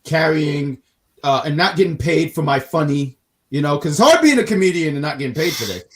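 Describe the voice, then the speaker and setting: A man's voice: on the high side, animated, fairly quick. A man co-hosting a wrestling review show in casual chat, joking and rambling with stammered restarts.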